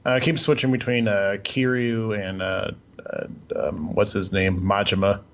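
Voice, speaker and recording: On a podcast, a male co-host with a lowish voice chats in a relaxed, rambling way, unhurried and flat in delivery, cursing freely. The recording sounds muffled and lo-fi.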